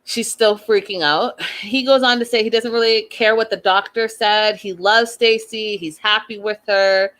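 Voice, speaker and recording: A woman's voice: medium pitch, fairly even intonation, normal speed, few pauses, a bit bright. A woman hosting a casual reality TV recap, chatty and opinionated, talking straight to her viewers. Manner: chatty, addresses viewers directly, lots of "like"; opinionated, thinks aloud. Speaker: host.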